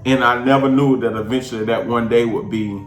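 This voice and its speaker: A show host from Georgia, a man with a Southern accent, casually recounts a personal story in a lively, slangy way, his voice swinging widely. He speaks at a medium pitch and a little fast, with reverb on the recording and faint music in the background.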